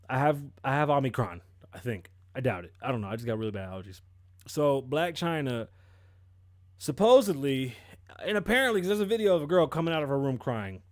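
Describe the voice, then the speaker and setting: A man hosting a podcast, giving casual commentary with profane, animated storytelling. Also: mid-range voice, fairly quick, dry recording, clean studio sound. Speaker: podcast host.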